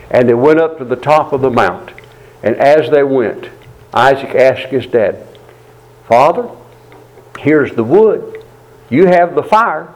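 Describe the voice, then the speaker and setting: A man's voice: medium pitch, darkish tone, rough recording. A man preaching a sermon, retelling a scripture story with emphatic repetition. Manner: emphatic, repeats phrases for stress, storytelling.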